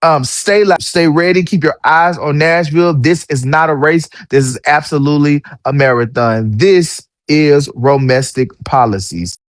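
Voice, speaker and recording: A man delivers heated political commentary in a fairly high voice. He talks bluntly and swears without holding back, recorded close and dry. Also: normal speed, hardly any pauses, no room sound. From Tennessee.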